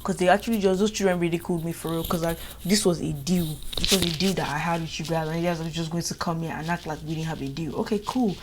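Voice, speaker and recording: A young woman with a Nigerian accent tells a school story for her vlog. She sounds animated and exasperated, and her voice sits on the lower side. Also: fast talker, few pauses, very noisy. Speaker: vlogger.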